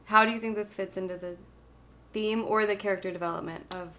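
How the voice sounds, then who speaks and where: A woman's voice: mid-range voice, fairly even intonation, brisk, a bit bright. A young woman co-hosting a podcast, chatting casually about music with lots of "like" and easy laughter. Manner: chatty, frequent "like", laughs easily. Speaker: podcast co-host.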